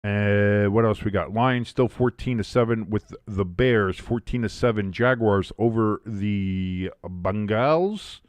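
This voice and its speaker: A man hosting a live watch-along stream, chatting casually as an excitable fan and reading out comments from his chat. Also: on the low side, slow, hardly any pauses, no echo.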